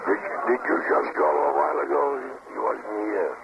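A gruff man picks up a bar phone and snaps into furious threats. His gravelly voice leaps high and low. The taped line is dull and hissy. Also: sing-song, moderate pace. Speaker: bartender taking phone calls.

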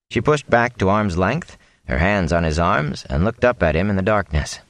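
A man narrating a fantasy novel aloud in an expressive storytelling reading. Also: deep voice, moderate pace, no room sound. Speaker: audiobook narrator. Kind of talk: scripted narration.

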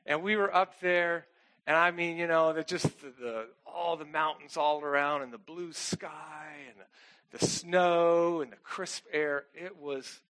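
A man's voice: fairly high pitch, fairly bright tone. Chatty pastor man, checking in often. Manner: chatty, self-deprecating, frequent "okay?" check-ins. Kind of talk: casual conversational sermon.

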